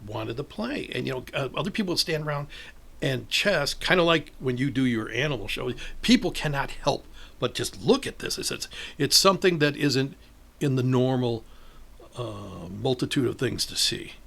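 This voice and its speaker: A man's voice: medium pitch, normal speed, gravelly. An older man from northern Illinois, a chess club organizer telling stories in a casual interview and acting out the voices of the people in them. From northern Illinois, USA. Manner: animated storyteller acting out quoted voices, laughs often.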